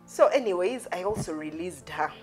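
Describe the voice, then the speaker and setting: A woman with a slightly low voice tells a personal story in easy, casual conversation. She is animated and full of quoted asides. Soft music plays faintly underneath. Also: normal speed, poor audio.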